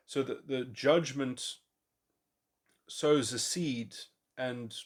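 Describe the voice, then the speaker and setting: A man thinking aloud in a long speculative monologue, halting often and restarting his sentences. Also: medium pitch. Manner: musing, halting, with many restarts and fillers. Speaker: podcast host. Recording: voice memo.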